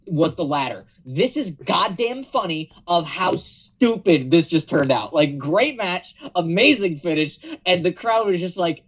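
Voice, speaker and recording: A man chatting casually on a wrestling podcast, excitable, swearing freely and laughing often. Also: high voice, a little slow, hardly any pauses, slightly rough, lo-fi sound. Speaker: podcast co-host. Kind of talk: casual wrestling review chat.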